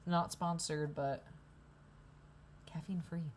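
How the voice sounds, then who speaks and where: A woman's voice: sits low, fairly even intonation, a little slow, slight background noise. A young woman rambling in a candid, profane vlog at a coffee shop, hungover. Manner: rambling, profane, self-deprecating. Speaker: vlogger.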